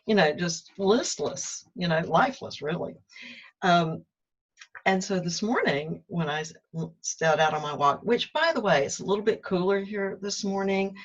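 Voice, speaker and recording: A woman's voice: medium pitch, animated, normal speed. A woman talks candidly in a casual, reflective monologue, joking at her own expense and acting out her inner dialogue. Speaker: spiritual self-help host. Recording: muffled lo-fi recording.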